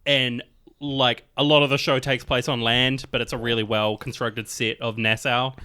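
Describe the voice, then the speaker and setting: A man's voice: mid-range voice, level tone, moderate pace, pushed and bright, clean tone, dry recording. A young man chatting casually as a podcast co-host, rambling with lots of fillers and frequent laughs. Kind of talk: casual chat.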